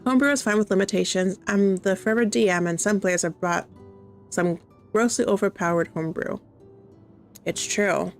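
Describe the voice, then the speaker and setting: A woman's voice: mid-range voice, moderate pace, gravelly, soft background music. A young woman from Canada chatting cheerfully on a live stream, laughing often as she talks with her viewers. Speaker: streamer and game host. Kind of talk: casual live-stream chat.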